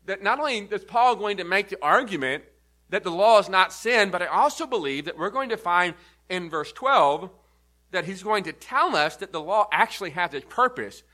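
Bright-voiced pastor preaching emphatically. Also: male voice, sits high. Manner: earnest, emphatic teaching with repeated stresses. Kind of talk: sermon. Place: church.

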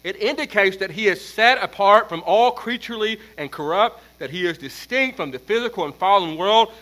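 Bright-voiced preacher, emphatic sermon. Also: male voice, expressive, moderate pace, low-quality recording. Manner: emphatic, swells in force on repeated points, then drops low. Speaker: pastor. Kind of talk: expository sermon.

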